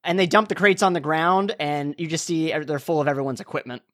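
A man's voice: a little high, quick pace, a bit bright, no echo, studio quality. A man narrating a tabletop game as game master, describing the scene loosely with plenty of "like" and "kinda".

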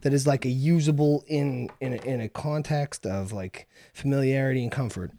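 A man's voice: mid-range voice, moderate pace, warm tone, a little hiss or hum. A man from Canada co-hosting a podcast, rambling through crude, joking casual banter. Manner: joking, rambling, breaks into mock French. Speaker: podcast co-host.

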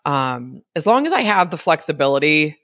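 A woman's voice: deep voice, big pitch swings, normal speed, fairly bright tone, no room sound, studio quality. A woman hosting her own podcast, giving a chatty, rambling solo update with many fillers. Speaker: podcast host.

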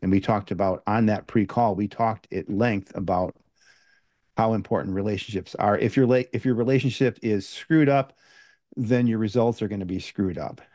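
Mellow hesitant man host, dry sound. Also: on the low side, fairly even intonation, moderate pace, dry recording. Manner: hesitant, filler-heavy. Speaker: podcast host. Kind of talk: casual chat.

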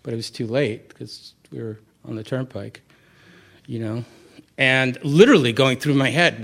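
A man's voice: mid-range voice, normal speed, gravelly, a bit bright. A middle-aged man, a Buddhist teacher, giving a candid, conversational talk to a live audience and telling a personal story with frequent restarts.

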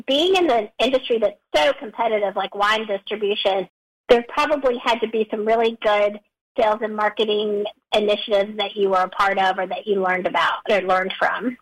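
A woman's voice: a little high, moderate pace, rough recording. Bubbly woman co-hosting radio. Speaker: radio co-host. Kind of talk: radio talk show.

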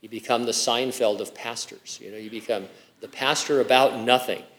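Guy pastor preaching, reads verses then talks it through casual with little jokes, mid-pitched voice. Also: fairly even intonation, normal speed, a bit bright. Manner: conversational preaching with joking asides. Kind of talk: sermon.

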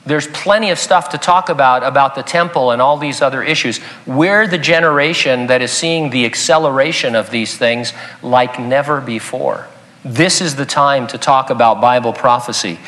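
Bright-voiced pastor preaching conversationally. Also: male voice, mid-range voice, normal speed. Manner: conversational, emphatic, joking asides. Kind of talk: sermon.

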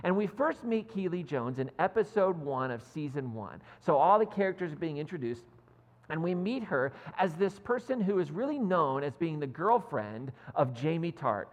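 A male pastor giving a sermon as animated storytelling, with self-deprecating asides. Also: on the high side, moderate pace. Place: church sanctuary. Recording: long hall reverb.

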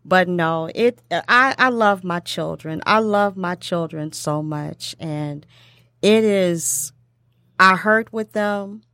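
Slow, low-voiced woman hosting a talk show. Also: no echo. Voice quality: emotional, tongue-tied at times. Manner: warm repetitive speech with many fillers. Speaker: show host. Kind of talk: heartfelt conversational talk.

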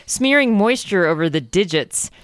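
A woman's voice: mid-range voice, lively intonation, moderate pace, no echo, clean studio sound. A woman co-hosting a comedy podcast, reading text aloud while giggling, groaning in mock disgust and breaking off to joke. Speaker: podcast co-host. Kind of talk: comic read-aloud of fan fiction.

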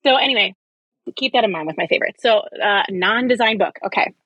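A woman's voice: medium pitch, animated, a little fast, sharp tone, husky, no echo, highs cut off. A woman guest on a podcast, explaining earnestly and piling up examples in casual conversation, close to the microphone.

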